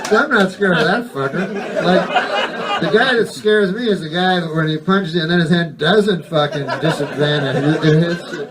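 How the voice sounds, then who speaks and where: A man doing a stand-up set in a deadpan, rambling drawl, sprinkling swearing through long winding setups. His voice sits a bit high. The mic is some way off, and the live recording is noisy. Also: normal speed, far from the mic, a loud crowd. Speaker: stand-up comedian. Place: comedy club stage with a laughing audience.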